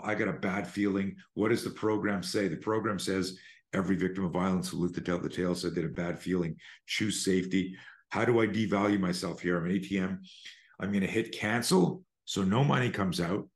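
A middle-aged man, a self-defense instructor guesting on a podcast over a remote call, talks animatedly and profanely, acting out scenarios as he explains. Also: on the low side. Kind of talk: conversational podcast interview.

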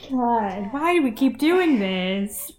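A woman's voice: fairly high pitch, expressive, takes it slowly. A woman podcast co-host who drops short, wry, sometimes swearing reactions in casual chat.

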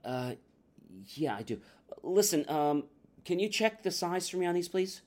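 Brief: reluctant male customer, halting and low-key, played by a man. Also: breathy edge. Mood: uneasy. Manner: hesitant, halting, quiet. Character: uneasy male customer dodging questions.

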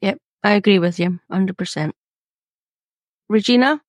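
A woman's voice: medium pitch, unhurried, dry recording, clean studio sound. A woman, moderating a roundtable and asking the other podcasters questions. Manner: prompting and encouraging, asking guests questions. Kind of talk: roundtable discussion.

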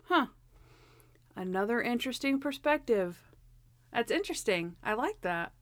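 A young woman chatting casually about a TV episode, animated, acting out the characters' lines, with lots of "like" fillers. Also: on the high side, moderate pace, no room sound. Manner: frequent "like" fillers. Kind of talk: casual chat recapping a TV episode.

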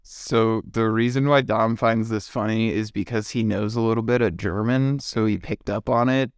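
A man's voice: fairly low pitch, fairly even intonation, moderate pace, clear, resonant tone, no echo, studio quality. A man co-hosting a podcast, talking about a film in a laid-back, chummy way. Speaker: podcast co-host. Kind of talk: casual film discussion.

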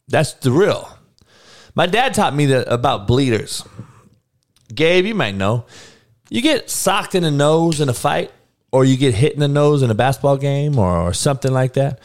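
A man's voice: medium pitch, a little mellow. A man ranting bluntly and profanely in casual talk, laughing between heated points.

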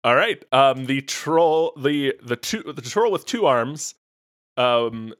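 A man's voice: medium pitch, lively intonation, a bit bright. A man runs a tabletop game as its game master. He talks casually and often trips over a word before he settles on it. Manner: halting, casual, self-correcting.

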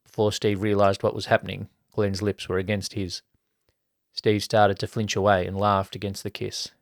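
A man reading an erotic story aloud as a podcast narrator, in an even storytelling manner. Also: on the low side, moderate pace, no room sound, studio quality. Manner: even storytelling, colloquial mates' banter.

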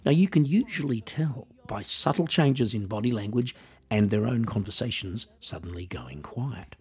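A man's voice: mid-range voice, animated, normal speed, a little mellow, slightly rough. An Australian man hosting his own podcast, delivering a wry, self-deprecating scripted monologue. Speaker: podcast host and musician.

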